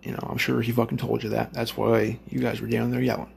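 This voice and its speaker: Heavily gravelly man ranting with nonstop swearing. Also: medium pitch, little pitch movement, fast talker, darkish tone, a little hiss or hum. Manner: rambling, swears constantly, loose and blunt. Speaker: parent telling a story to listeners. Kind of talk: profane storytelling rant.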